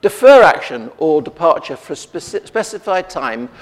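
A man delivers a sermon in a relaxed, conversational way, restarting phrases and asking the congregation rhetorical questions. His voice sits a little high for a man. It carries the long reverb of a church hall. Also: moderate pace. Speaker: preacher.

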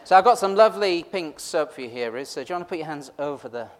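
A man's voice: on the high side, expressive, fast talker. A man preaching an interactive Easter sermon, chatty and teasing as he pulls the congregation in. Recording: long reverb of a large hall.

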